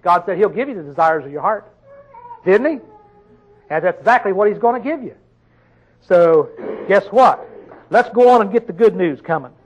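A man delivers a sermon in a high, expressive voice, reading scripture slowly and drawn out. He often questions his listeners and breaks into sudden loud, emphatic bursts, and the recording sounds muffled.

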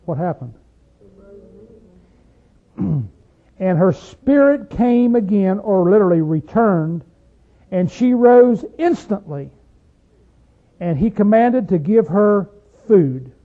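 A preacher with a high voice delivers his sermon, firing questions at his listeners. He swings from loud bursts to near-hushed lines. The sound is thin and tinny, like it came over a phone. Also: animated, takes it slowly, pauses often.

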